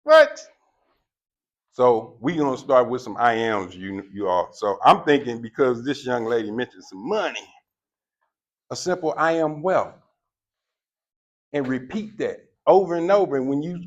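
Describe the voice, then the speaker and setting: A man mentoring a live group indoors, speaking in a preachy, animated call-and-response style. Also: mid-range voice, moderate pace, lo-fi sound. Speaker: mentor leading a group session. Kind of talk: motivational talk to a live group.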